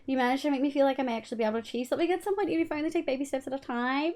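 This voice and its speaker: A woman's voice: sits high, racing, hardly any pauses, darkish tone. A young Australian woman streaming a building game, chatting casually, swearing freely and humming little sound effects as she works. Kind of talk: casual livestream chat while gaming.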